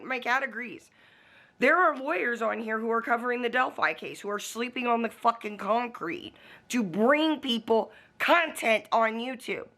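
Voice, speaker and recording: A woman's voice: on the high side, pushed and bright. A woman vlogging from home in a casual, blunt, profane rant aimed straight at the camera. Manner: talks to the camera.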